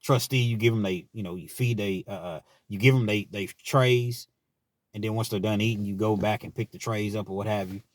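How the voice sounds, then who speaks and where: A man's voice: fairly low pitch, a little fast, no room sound. A man from Kentucky telling stories from his time in prison, in a laid-back, frank way and often tagging his sentences with "man.". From Richmond, Kentucky, US. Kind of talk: casual storytelling monologue.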